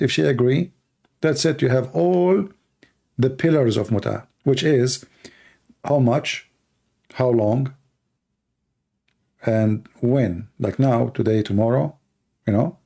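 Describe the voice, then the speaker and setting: A man answers viewers' questions on a casual live stream. His voice is dark, gravelly and worn hoarse. He talks bluntly, with sarcasm and a run of rhetorical questions. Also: mid-range voice, slow, pauses often. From Middle East. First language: Arabic. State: hoarse, tired voice. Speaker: Christian apologist, host answering questions.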